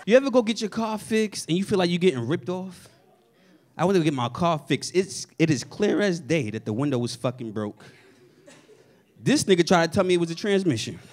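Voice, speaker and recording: A man's voice: on the high side, expressive, fairly quick, a little mellow. A man doing a stand-up comedy set on a club stage into a handheld mic, telling loose, profane stories with punchy asides to the crowd. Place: comedy club stage before a live audience.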